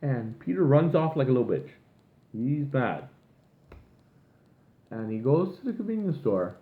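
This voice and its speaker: Sounding exasperated, this vlogger delivers a lengthy, swear-filled rant, very animated at a measured pace with a medium pitch. The audio is thin and phone-like, echoing around the room.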